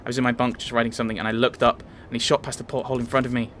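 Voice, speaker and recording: A man's voice: medium pitch, flat delivery, very fast, fairly bright tone, slight background noise, natural voice. A man voicing a heartbroken, jealous young woman who pleads and accuses in a raised voice. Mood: distraught.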